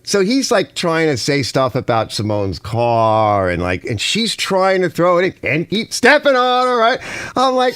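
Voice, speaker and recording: A middle-aged man hosting a casual garage live stream, chatty and animated, calling his viewers fellas. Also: normal speed, clean tone. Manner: animated, swings from muttering low to shouting high.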